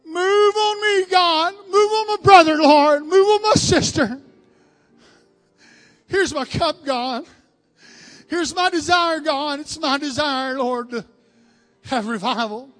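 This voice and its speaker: A man preaching a Pentecostal revival sermon, praying in a fervent, chanting way that rises to crying shouts. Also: extremely high pitch, slow pace, long pauses. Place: church sanctuary at the altar. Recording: music behind, long church reverb.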